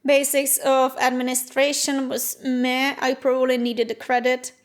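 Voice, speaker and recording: A woman's voice: sits high, flat delivery, a little slow. A young woman in her twenties hosting a casual vlog, chatty and self-deprecating, livening up as she tells stories. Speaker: channel host and student.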